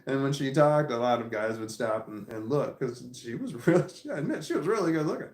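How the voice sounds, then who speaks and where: Man, 40s, casual storytelling, profane, laughs often, medium pitch, roomy echo. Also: animated, fairly quick, a little mellow. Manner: profane, laughing, rambling anecdote. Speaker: vlogger.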